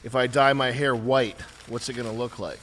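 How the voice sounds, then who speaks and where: A man in his forties, congested, rambling through deadpan jokes while chatting casually on a livestream. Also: medium pitch, normal speed, a little hiss or hum. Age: 40s. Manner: rambling, deadpan jokey banter. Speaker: streamer.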